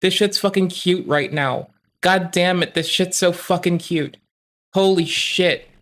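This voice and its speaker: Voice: medium pitch, unhurried, a bit bright. A streamer reacting to a clip live, rambling and swearing with many fillers. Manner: rambling, profane, lots of fillers.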